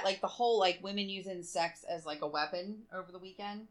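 A woman's voice: medium pitch, fairly quick, faint music behind. A woman co-hosting a casual chat, speaking candidly and frankly, laughing often and swearing. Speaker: podcast co-host.

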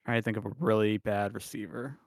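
A man's voice: lowish voice, brisk, dry recording. Laid-back man in dry sports chat. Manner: animated storytelling, laughs often. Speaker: podcast co-host.

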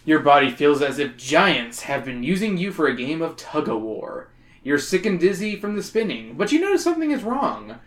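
A lower-voiced woman reads a children's book aloud on a comedy podcast, with a very animated pitch. She keeps stopping the reading to crack jokes. The sound is roomy and echoey. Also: normal speed. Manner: breaks off the reading for jokes and laughs. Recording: echoey room.

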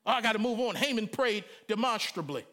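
A middle-aged man preaching a sermon in a colloquial, animated way, breaking into loud cries and acted-out quotes. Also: high-pitched, brisk. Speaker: pastor.

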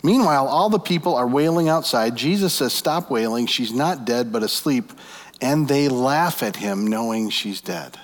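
A man's voice: medium pitch, lively intonation, normal speed. A man preaching a sermon, retelling a story vividly with many rhetorical questions to his listeners. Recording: long hall reverb.

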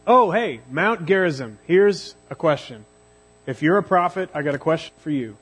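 A man preacher voicing a desperate, evasive woman at a well, talking in a quick, flustered, raised voice. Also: fairly high pitch, animated, a bit bright, slightly rough.

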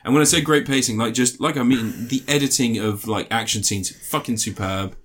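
A man co-hosting a podcast, retelling film scenes in a rambling, animated way with playful put-on voices. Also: medium pitch, a little fast. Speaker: podcast co-host. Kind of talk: casual film review chat.

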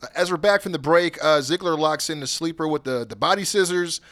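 A man recapping wrestling in casual podcast chat, animated, laughing often and mimicking wrestlers' promos. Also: fairly high pitch, brisk. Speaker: podcast co-host.

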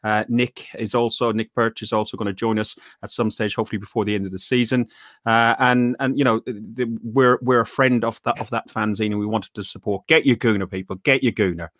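A man's voice: on the low side, steady tone, fairly quick, a bit bright, no room sound, studio quality. A man hosting a casual football fan podcast, stammering and repeating words, laughing often. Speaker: podcast host.

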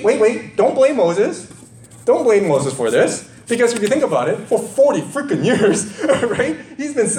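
A man preaching a sermon in an animated, conversational way with many rhetorical questions. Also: sits high, echoey room, slight background noise.

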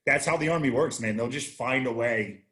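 A man's voice: medium pitch, fairly quick, a bit bright. A man in his thirties, a guest on a casual chat show, telling rambling, profane stories with many restarts. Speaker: podcast guest, army veteran.

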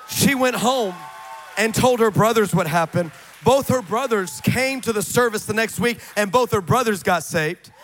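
A middle-aged male pastor preaching a sermon in a church, telling a story dramatically and swinging from shouts to hushed tones. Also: high-pitched, moderate pace, slight background noise.

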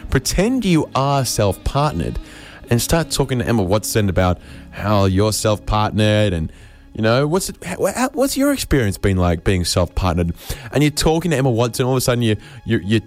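A man's voice: fairly low pitch, a little mellow. An Australian man hosting a comedy radio show, spinning a rambling, absurd monologue with stammered restarts.

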